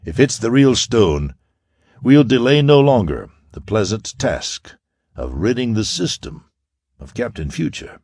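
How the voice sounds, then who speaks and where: A man voicing a suave, gloating half-Martian villain who speaks with soft, ironical menace in an audiobook. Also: medium pitch, very animated, measured pace, dry recording, studio quality. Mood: cold.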